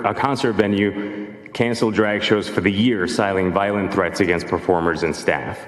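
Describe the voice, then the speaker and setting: A man reading prepared public testimony at a hearing, forceful and pleading in his advocacy. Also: sits low. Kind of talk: prepared testimony read aloud. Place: large legislative hearing room. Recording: echoey hall with long reverb.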